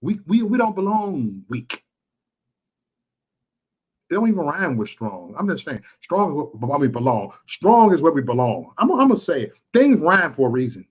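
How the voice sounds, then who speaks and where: A man from Chicago on a live stream, ranting and repeating himself with stammers, swinging from loud outbursts to quiet, upset muttering. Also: fairly high pitch, big pitch swings, moderate pace, husky. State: frustrated and upset. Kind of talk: emotional live-stream rant.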